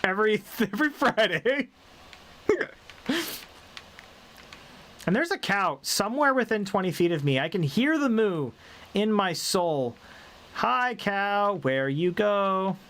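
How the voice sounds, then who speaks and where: A man's voice: high voice, animated, slow pace, long pauses, a bit bright. A man live-streaming a game, chatting casually with viewers in a playful, rambling way and laughing often, with a faint Southern drawl. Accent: light Southern drawl, mostly faded. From American South.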